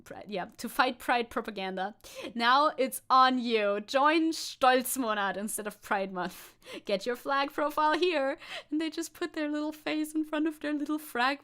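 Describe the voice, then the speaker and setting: A woman's voice: high voice, a bit bright. A German-accented woman streaming casual commentary, sarcastic and swearing freely, laughing often. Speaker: VTuber streamer.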